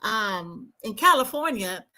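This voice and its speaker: A woman's voice: medium pitch, big pitch swings, takes it slowly. A woman hosting her own livestream, talking casually to viewers and sometimes muttering to herself as she works through her settings. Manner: chatty, warm asides, mutters to herself while fiddling with settings. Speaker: livestream host.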